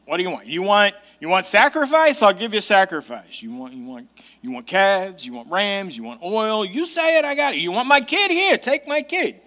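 A man acts out a fed-up worshipper who fires off sarcastic offers one after another. The voice sits high and bright. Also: very animated, full character voice. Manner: sarcastic, rapid-fire offers.

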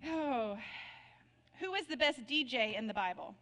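A woman pastor with a high, sharp, animated voice tells Bible jokes during a sermon at a measured pace. She's playful and laughs at her own punchlines, and the recording carries the long reverb of a large hall.

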